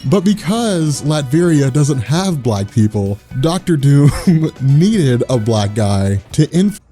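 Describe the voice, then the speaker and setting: Brief: man, host, fairly high voice, mellow tone, laughing storyteller, faint music behind. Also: big pitch swings, takes it slowly. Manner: laughing, rambling retelling of a comic plot. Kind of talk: casual storytelling chat.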